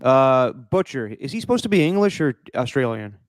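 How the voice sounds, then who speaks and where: A man's voice: mid-range voice, sing-song, normal speed, no room sound. A man co-hosting a podcast, chatting casually and teasing his co-host with jokes. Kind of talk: casual chat.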